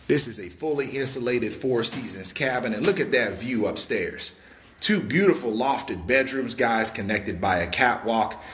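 Male livestream host selling cabins; hyped showman energy, whoops and catchphrases, lively swooping delivery, bright forceful tone. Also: mid-range voice, normal speed, slight background noise. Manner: whooping and drawling "baby" asides. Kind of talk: live walkthrough sales stream.

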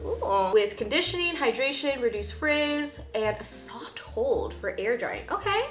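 Casting: bubbly, chatty woman YouTuber in her twenties, high, lively voice, echoey room with faint music. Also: unhurried. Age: 20s. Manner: bubbly, chatty, giggly, emotional asides. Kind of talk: casual unboxing vlog.

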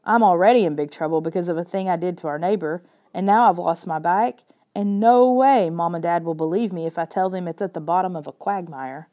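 A woman reading the part of a frightened young boy in a children's audiobook, speaking in quick alarmed bursts. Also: fairly low pitch, mellow, highs cut off, lightly acted. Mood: worried. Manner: urgent, alarmed questions.

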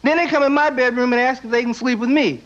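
A young man doing a stand-up comedy routine on a TV stage, with deadpan asides and quick silly voices. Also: very high-pitched. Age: young adult. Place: TV studio stage before live audience. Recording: dull VHS broadcast audio with loud audience.

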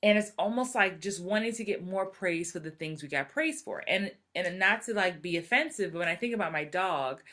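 Acting coach, woman, 40s, bright and animated, live talk. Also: fairly low pitch, a little fast, hardly any pauses. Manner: animated, acts out quoted voices. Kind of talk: live-streamed motivational talk.

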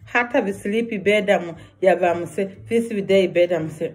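Slow, earnest woman vlogger. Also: mid-range voice, fairly even intonation, a little mellow, faint music behind. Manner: earnest, repetitive, broken English. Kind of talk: personal warning vlog.

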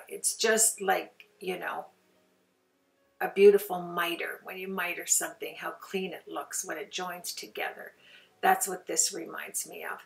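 A woman's voice: lowish voice, vocal fry, bright, forceful tone, recorded from a distance. An older woman chatting casually through a card-making tutorial, rambling and sometimes dropping to a near-whisper.

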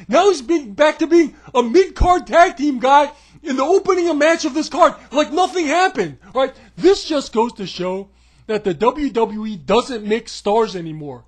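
A man ranting sarcastically as a wrestling reviewer, tossing in rhetorical questions. His voice sits high for a man and sounds husky. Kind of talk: opinionated commentary.

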